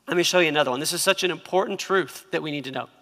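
A pastor delivers an emphatic sermon in a bright, sharp voice. His delivery is gravelly with fry and he asks the crowd to repeat after him. The sound rings in a reverberant church hall. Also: on the high side, racing.

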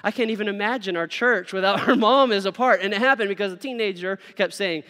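Man, thirties, youth pastor sermon, playful and energetic, resonant voice. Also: high voice, fairly quick, few pauses. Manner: energetic, playful, laughs often, acts out little dialogues. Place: church sanctuary. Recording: long hall reverb.

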